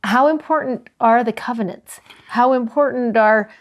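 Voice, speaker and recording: Woman co-host, higher register, earnest storyteller who slows down for emphasis. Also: highs cut off. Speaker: co-host of a scripture study show. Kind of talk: casual scripture discussion.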